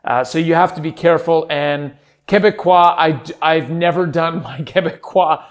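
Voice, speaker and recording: A man with a somewhat high voice talks through a solo podcast in a put-on Irish accent. He rambles in a loose, playful way and lets the accent slip now and then. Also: steady tone, moderate pace. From Canada. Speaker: podcast host.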